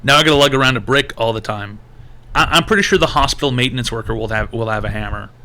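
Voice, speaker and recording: A man streaming his own advice show, talking in a crisp, forceful voice. He rants loosely and swears constantly, jumping from one thought to the next. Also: mid-range voice, fast. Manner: profane, animated ranting. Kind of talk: live-stream call-in talk.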